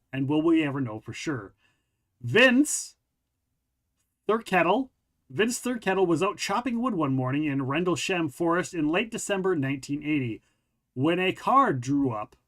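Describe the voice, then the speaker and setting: A man's voice: sits high, fairly bright tone. A man hosting a casual podcast, chatting with a friend and reading a news article aloud, often stumbling and rereading lines. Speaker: podcast host.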